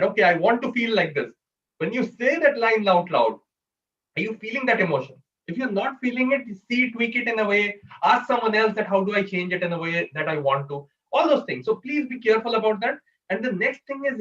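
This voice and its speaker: A man runs a speaking workshop, putting questions to his listeners and explaining each answer. His voice sits high and sounds a little distant. The video-call audio comes through dull. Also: fairly bright tone. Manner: coaching, asks audience questions. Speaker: workshop presenter.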